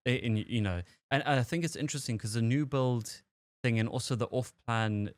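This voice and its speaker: A man's voice: mid-range voice, fairly quick, dry recording. A man hosting a podcast interview, recapping the guest's story in a loose, conversational way with false starts. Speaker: podcast host. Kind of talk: casual interview chat.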